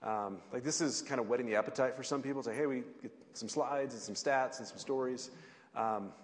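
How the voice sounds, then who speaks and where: A man's voice: mid-range voice, a little fast. Rambling male moderator in a hall. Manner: loose, rambling questions. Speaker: panel moderator. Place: large hall with an audience. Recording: hall reverb with faint crowd.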